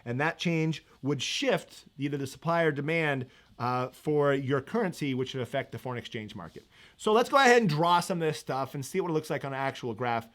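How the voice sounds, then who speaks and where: A man's voice: on the high side, animated, fairly quick, fairly bright tone. A man teaching economics in a live-stream review, chatty and upbeat, laughing easily as he reads viewer comments.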